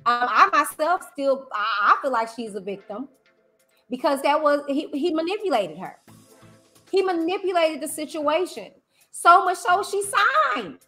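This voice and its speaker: A woman YouTuber hosting a livestream commentary, talking in an animated, emphatic way and repeating phrases. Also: high voice, a little slow, faint music behind. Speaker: YouTuber host.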